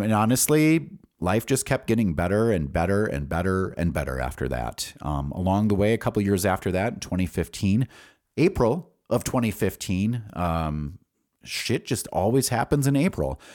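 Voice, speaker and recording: Male podcast host, forties, low voice, lively pitch, loose rambling storyteller. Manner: rambling, frequent fillers and restarts. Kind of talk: personal storytelling monologue.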